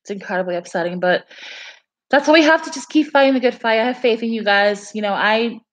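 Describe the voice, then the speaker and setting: A woman's voice: on the high side, quick pace. A young woman chatting casually on a livestream, telling a story in a rambling way full of fillers. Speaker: livestream host.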